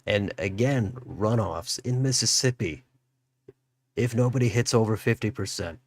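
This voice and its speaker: Low-voiced man musing over results. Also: a little slow, slight background noise. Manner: musing aloud, thinking through results. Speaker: political livestream host. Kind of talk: live election results commentary.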